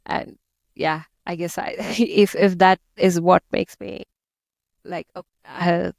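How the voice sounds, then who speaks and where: A woman's voice: on the low side, steady tone, takes it slowly, creaky, a little mellow, no room sound, studio quality. Chatty young woman with an Indian accent. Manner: chatty, laughs often, many "like" fillers. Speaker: guest. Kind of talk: casual interview chat.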